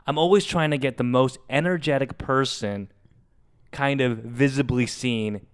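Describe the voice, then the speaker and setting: A man's voice: medium pitch, unhurried, clear, resonant tone. A young man, a podcast co-host, telling a long story casually and acting out what people said. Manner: animated storyteller acting out quotes.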